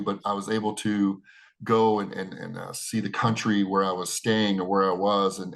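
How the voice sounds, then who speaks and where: Middle-aged American man, low voice, talkative interviewee, lots of restarts and fillers. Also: fairly bright tone. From United States. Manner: rambling, many restarts and "you know". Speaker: wrestler. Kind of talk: interview answers.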